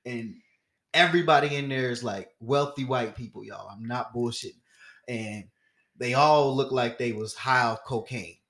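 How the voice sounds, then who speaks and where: A young podcast co-host holds the floor on a casual show, telling a story in a relaxed, mid-pitched voice at normal speed. He's animated, slipping into other people's voices as he goes, and his laughter keeps breaking through.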